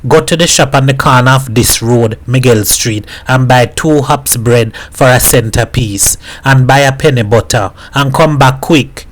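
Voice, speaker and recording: A man's voice: mid-range voice, unhurried, few pauses, natural voice. A man voicing an impatient, sarcastic mother who scolds in Caribbean dialect. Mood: scolding. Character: sharp-tongued, impatient young mother.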